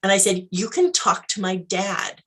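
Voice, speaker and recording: A woman, a guest in an interview, tells a personal story with animated acted-out dialogue. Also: mid-range voice, normal speed. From Canada. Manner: animated storyteller, acts out dialogue, laughs often.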